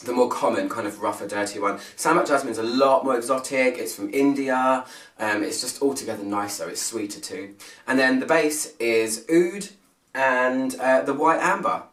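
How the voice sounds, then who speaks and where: A man's voice: medium pitch, a bit bright, distant mic. Chatty British man in a roomy echo. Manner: chatty and self-mocking, with many fillers and restarts. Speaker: fragrance reviewer. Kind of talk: casual talk to camera. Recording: roomy sound, mic set some way off.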